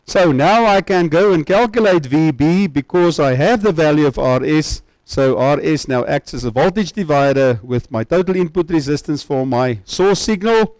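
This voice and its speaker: A man's voice: a little high, lively intonation, normal speed, hardly any pauses, a little mellow, no echo, poor audio. A man giving a university lecture, often checking that students follow with tag questions.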